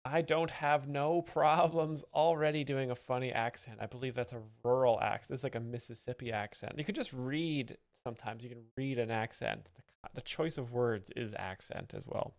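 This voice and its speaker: Man, mock-expert commentator, pompous and deadpan, gravelly voice, dry close sound. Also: mid-range voice, normal speed, no echo. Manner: pompous, self-serious professorial persona. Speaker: comedic joke explainer host.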